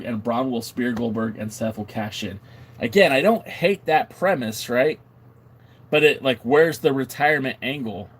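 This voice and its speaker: Here a wrestling podcast host chats on a livestream, reading viewer comments with animated, joking, mock-indignant flair. He speaks in a mid-range voice with a breathy edge.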